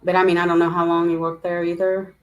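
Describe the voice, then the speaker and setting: Low-voiced middle-aged lady rambling on her livestream, emotional, says hi to chatters. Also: completely flat delivery, quick pace, dull audio. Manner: rambling, emotional, greets viewers by name. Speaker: livestream host. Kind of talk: casual livestream chat.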